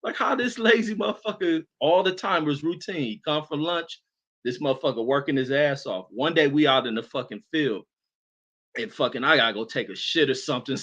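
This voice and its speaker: A man's voice: medium pitch, a little fast, muffled recording. Profane, laughing man telling army stories. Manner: profane, laughing, animated storytelling. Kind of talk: casual storytelling chat.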